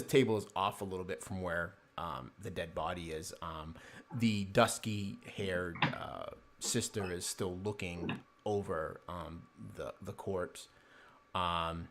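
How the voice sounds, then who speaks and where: A man narrating a tabletop game as game master, halting often with fillers. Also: deep voice, slight background noise.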